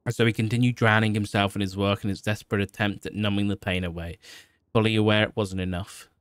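Man reading fiction aloud on stream; steady, a few stumbles, close dry mic. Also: fairly low pitch, quick pace, smooth, dry recording. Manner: steady reading with small slips and restarts.

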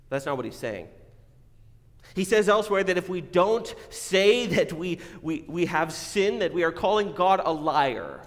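A man preaching a sermon as pastor, earnest, swinging between emphatic declarations and quiet reflective asides. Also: on the high side. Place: church sanctuary. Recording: long reverb of a church hall.

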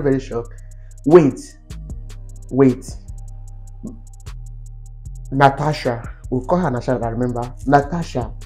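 A Nigerian man tells a storytime to his viewers with lots of animated, exasperated outbursts. His tone is mellow and fairly dark. Soft background music plays faintly under his voice. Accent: Nigerian English. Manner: animated and exasperated, pitch jumping up on exclamations. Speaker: vlogger. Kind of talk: storytime monologue to camera.

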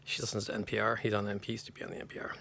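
A man rambles through a personal anecdote in a gravelly voice with a bright, forward edge. He restarts and corrects himself often, circling back as he goes. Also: lowish voice, monotone, very fast. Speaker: channel host telling a personal story.

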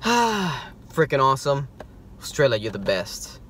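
A man, chatting casually as a collector vlogger, mumbling then bursting into loud exclamations. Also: on the high side, big pitch swings, fairly quick. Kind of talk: casual chat. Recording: noisy background.

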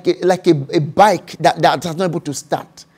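A man's voice: fairly high pitch, steady tone, moderate pace, darkish tone, slightly rough. A man with a Nigerian accent, a pastor preaching a sermon and acting out voices and speaking in tongues.

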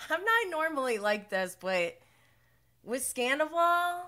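A woman's voice: on the high side, big pitch swings, measured pace, pushed and bright. A young woman hosting a casual reality TV recap, chatty and opinionated with lots of filler words and laughing asides.

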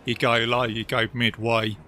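A man's voice: medium pitch, moderate pace. A man co-hosting a film podcast, chatting casually and rambling through his points with lots of fillers. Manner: rambling, animated, acts out movie quotes. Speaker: podcast co-host. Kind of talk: casual film review chat.

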